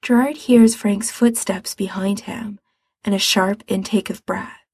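A woman reading a story aloud in a soft, unhurried narration. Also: medium pitch, steady tone, husky, dry recording. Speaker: audiobook reader. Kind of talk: storybook narration of fan fiction.

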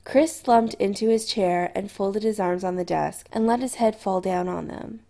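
A woman narrating a story aloud in an expressive, storytelling manner. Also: medium pitch, moderate pace, vocal fry. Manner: expressive storytelling with lively intonation. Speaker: audiobook narrator. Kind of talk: scripted narration.

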